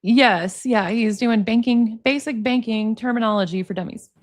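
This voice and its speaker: A woman's voice: a little high, moderate pace. A woman in her forties reacting on a live stream, sarcastic and exasperated, often laughing, greeting her chat between remarks. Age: 40s. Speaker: commentary streamer.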